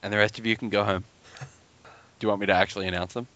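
A man with a fairly low but very bright, forceful voice, co-hosting a casual gaming podcast. He jokes around, laughs often and keeps steering the chat back on track. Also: steady tone, fast, no echo, lo-fi sound. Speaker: podcast co-host.

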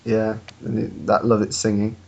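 A man's voice: lowish voice, completely flat delivery, normal speed, vocal fry, a little hiss or hum. A man co-hosting a casual gaming podcast, making dry, wry jokes. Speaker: podcast co-host.

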